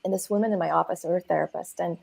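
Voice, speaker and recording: A middle-aged woman from Arizona talks in a chatty, candid way. She often restarts and repeats her words. Her voice is mellow and a little gravelly. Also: on the low side, fairly even intonation, fast, no room sound. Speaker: guest co-host, counselor. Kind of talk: casual chat.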